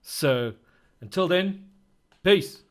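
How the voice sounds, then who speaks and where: A man's voice: high-pitched, animated, extremely slow. A man hosting a casual gaming podcast, upbeat and enthusiastic as he wraps up. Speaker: podcast host. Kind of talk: casual chat.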